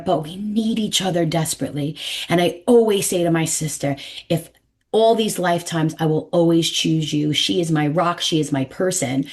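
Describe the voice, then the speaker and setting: Brief: New York woman, forties, numerologist podcast guest, lowish voice, emphatic storyteller. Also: moderate pace. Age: 40s. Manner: animated, emphatic, acts out quoted voices.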